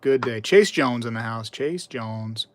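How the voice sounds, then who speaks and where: A man's voice: medium pitch, lively intonation, a little slow, no echo. A man hosting a casual live stream, reading chat messages aloud and telling stories in a chatty, repetitive way. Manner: chatty, repeats himself, reads chat aloud, tells anecdotes. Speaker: livestream host.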